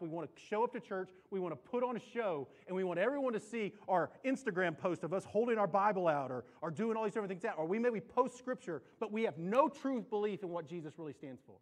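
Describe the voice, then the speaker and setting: A man preaching a sermon in a church, animated, often repeating and restarting his words. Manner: animated, climbs in pitch and volume for emphasis. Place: church sanctuary.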